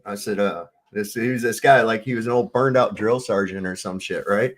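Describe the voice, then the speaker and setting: A man in casual chat, telling an army story in an animated way and acting out the voices of the people in it. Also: on the low side, a little fast, slight background noise. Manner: animated anecdote teller, acts out the voices he quotes.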